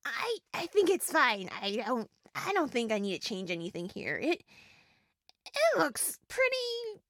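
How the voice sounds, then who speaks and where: Heavily acted and flustered, a young woman voices a tiny, talkative wish-granting fairy, giggling, rambling and stumbling over fillers in an audio role-play. Her voice sits high with huge pitch swings, a little slow and a bit bright, in studio quality with no room sound.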